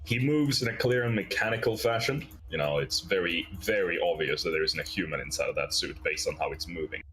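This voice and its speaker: A man's voice: sits low, brisk, a bit bright, slight background noise. A man, a player in a tabletop role-playing game, describing his character's actions in the third person.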